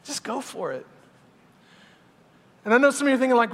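A middle-aged man preaching a lively sermon, moving between loud exhortation and quiet asides. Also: extremely high pitch, fast talker, pauses often. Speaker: pastor. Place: large church sanctuary. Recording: hall reverb in a church.

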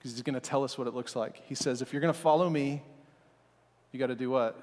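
A man preaching a sermon as pastor, telling the story in a lively, casual way and voicing the disciples in everyday speech. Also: mid-range voice, fast talker, big-room sound.

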